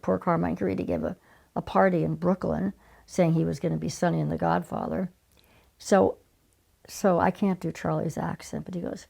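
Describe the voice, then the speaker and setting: Brief: older woman in her 70s, deep gravelly voice, lively anecdotes with hushed asides. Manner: lively, dropping into breathy whispered asides. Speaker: casting director. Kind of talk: anecdotal interview storytelling.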